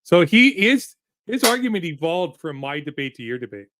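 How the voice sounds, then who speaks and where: A man hosting a livestream aftershow, relaxed, reading out donations and moving the panel along. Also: on the high side, moderate pace, background noise. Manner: relaxed, reads donations aloud. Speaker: stream host. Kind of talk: casual livestream chat.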